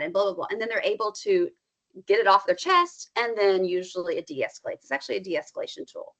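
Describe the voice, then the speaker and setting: A woman counselor talking casually on a podcast, animated and explaining, often leaping up in pitch to act out what she quotes. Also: quick pace. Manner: animated, acts out quoted feelings with big pitch jumps. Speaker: counselor guest. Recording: slightly dull lo-fi sound.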